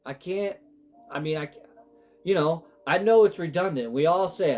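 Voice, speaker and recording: A man's voice: fairly high pitch, lively intonation, moderate pace, darkish tone. A man giving a casual spiritual tarot reading, emotional and rambling, often breaking off mid-sentence. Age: adult with sons. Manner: emotional, rambling, self-interrupting. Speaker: tarot reader.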